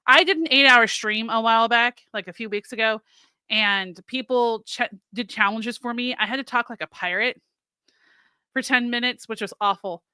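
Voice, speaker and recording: A woman's voice: fairly high pitch, moderate pace, pushed and bright, clear, resonant tone, dry recording. A woman co-hosting a podcast in casual chat, talkative and self-deprecating, laughing easily. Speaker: podcast co-host.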